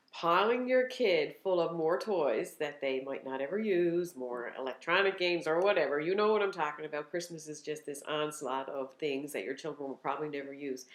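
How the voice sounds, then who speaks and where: Woman co-host, upbeat, practical, slightly low voice, echoey room. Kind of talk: informal parenting talk.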